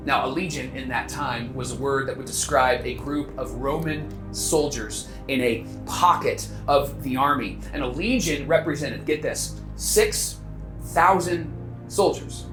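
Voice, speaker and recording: A man's voice: fairly high pitch, moderate pace, reverberant, music in the background. A man pastor preaching a sermon earnestly, stirring listeners with rhetorical questions. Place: church sanctuary.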